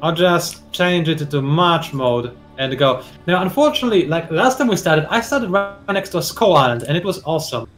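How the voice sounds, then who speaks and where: A man's voice: fairly high pitch, lively intonation, normal speed, hardly any pauses, fairly bright tone, soft background music. A man hosting a strategy game session, talking casually and playfully while explaining the game as he plays. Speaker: host and player. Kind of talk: casual gameplay commentary.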